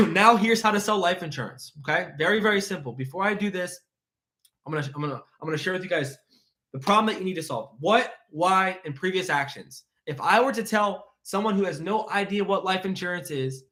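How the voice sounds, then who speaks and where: An energetic man coaching live, his voice pitched a little high. He talks fast and excitedly and keeps piling on rhetorical questions and repetition, like a motivational speaker. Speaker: insurance sales coach.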